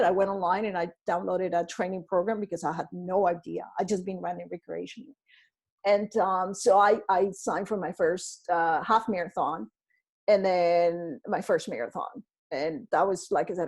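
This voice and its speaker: Husky-voiced middle-aged woman telling her story. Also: on the low side. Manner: animated, rambling, quotes people in voices. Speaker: podcast guest. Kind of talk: casual storytelling interview.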